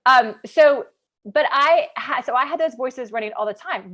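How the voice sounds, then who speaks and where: A woman in her thirties from Kansas, chatting animatedly on a livestream, full of "like" and quick asides as she tells a personal story. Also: high-pitched, expressive, a bit bright. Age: 30s. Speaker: business coach.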